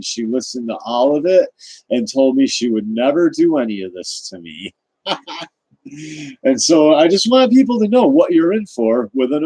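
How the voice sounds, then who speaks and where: A man's voice: mid-range voice, warm tone, no room sound, low-quality recording. Indignant man on a rambling rant. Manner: rambling and indignant, with many restarts. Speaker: vlogger. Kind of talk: ranting personal monologue.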